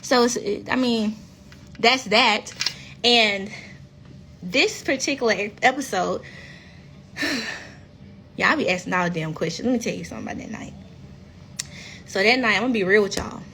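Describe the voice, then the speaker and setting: A woman's voice: medium pitch, normal speed, long pauses, sharp tone, slight background noise. A woman with a Mississippi Southern accent chatting frankly on a phone livestream from home, swearing freely. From rural Mississippi, US. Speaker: reality TV cast member. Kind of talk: casual livestream chat.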